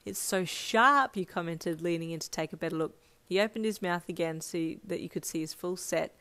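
A woman narrating a second-person romance story in a steady read-aloud manner. Her voice is somewhat low for a woman, and she stumbles and corrects herself now and then. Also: a little fast. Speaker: fanfiction reader.

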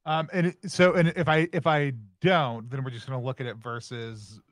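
A man's voice: medium pitch, flat delivery, normal speed. A man playing a tabletop game who hesitates and restarts his sentences while deciding his moves. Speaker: player. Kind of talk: casual tabletop game play.

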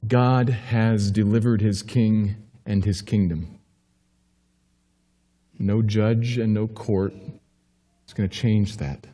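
A male pastor delivers a sermon in a church, his mellow, warm voice ringing with a long reverb. He preaches emphatically, climbing into urgent questions and then sinking low and quiet to reassure. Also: fairly even intonation, takes it slowly, pauses often. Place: church sanctuary.

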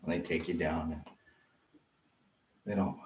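A male pastor preaching a sermon, often pausing to let the congregation fill in a word. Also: very deep voice, fairly even intonation, a little hiss or hum. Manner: interactive preaching, prompting the congregation to fill in words. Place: church. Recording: roomy sound from a distant mic.

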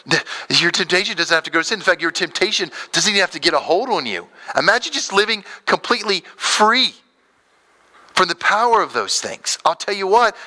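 A man in his thirties preaching a sermon as pastor, animated, acting out quoted voices. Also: on the high side.

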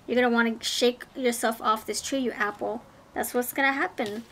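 An upbeat woman running a pick-a-card tarot reading, talking in a bright, raised voice. She is chatty and excitable, and a faint background hiss sits under her voice. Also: a little high, moderate pace. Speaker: tarot reader.

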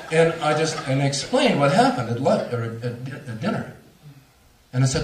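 A man, a speaker on near-death experiences, telling a story to a lecture audience with animated, laughing delivery. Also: medium pitch, a little slow, pauses often, reverberant, far from the mic, slight background noise. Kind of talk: storytelling at a talk.

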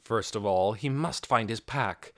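A man reading an audiobook aloud with expressive storytelling. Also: on the low side, unhurried, no room sound, studio quality. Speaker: audiobook narrator. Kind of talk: scripted audiobook narration.

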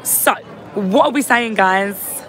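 Hoarse woman on a slow, tired live stream. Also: mid-range voice, fairly bright tone. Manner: tired, chatty, reads out viewer comments. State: hoarse, lost voice. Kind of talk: casual live-stream reaction chat. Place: outdoors on a city street outside a venue. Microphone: phone held at arm's length. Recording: crowd noise on a busy street.

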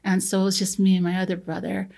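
An earnest, easygoing woman in her forties tells her own story as a podcast guest. Her voice sits at a middle pitch, and she talks with relaxed fillers as she recounts her path into nursing. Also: fast, vocal fry. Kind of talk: conversational personal storytelling.

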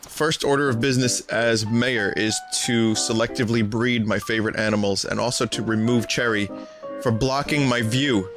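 A man doing let's-play commentary, sarcastic and rambling with plenty of swearing. His voice sits at an ordinary middle pitch, with cheerful game music clearly running underneath. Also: fairly even intonation, normal speed. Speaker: streamer.

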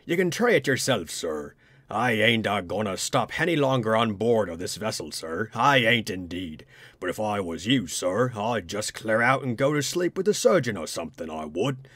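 A man's voice: on the low side, very animated, normal speed, a bit bright, dry recording. A man voicing a fearful, obsequious male ship's steward who calls everyone sir and drops and adds h's in broken grammar. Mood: nervous pleading. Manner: obsequious, says sir constantly.

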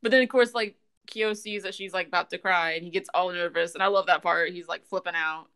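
A woman hosting a casual podcast, retelling scenes in an animated way and laughing often. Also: fairly low pitch, fairly quick, clean tone. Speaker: podcast host. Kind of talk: casual chat, recapping an anime.

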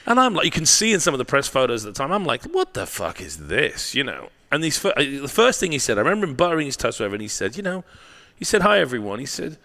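Animated, profane man telling stories. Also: on the high side, very fast, few pauses. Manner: profane, animated storyteller with tag questions. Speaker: guest, marketing professor. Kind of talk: candid storytelling interview.

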